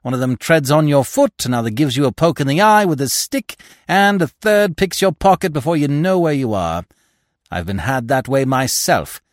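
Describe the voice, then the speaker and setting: A man's voice: a little high, expressive, moderate pace, no room sound, studio quality, pitched above the performer's own voice, close to an everyday voice. A man voicing a brusque police inspector who grumbles and complains irritably. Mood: grumbling.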